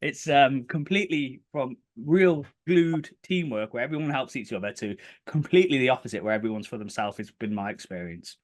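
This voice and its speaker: A man, a guest on a podcast, tells his story in a relaxed, chatty way. He is animated and often jumps up in pitch to act out what people said. His voice sits at a middle pitch. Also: brisk, hardly any pauses. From United Kingdom. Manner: animated, acts out quotes in bursts of higher pitch. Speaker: podcast guest, property developer. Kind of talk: casual storytelling interview.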